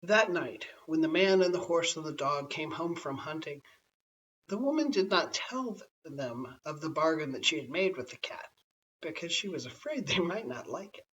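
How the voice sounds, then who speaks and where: A man reading a classic tale aloud as a bedtime story, in a gentle, measured storytelling manner. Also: on the high side, animated. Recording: slightly distant, dull lo-fi home recording.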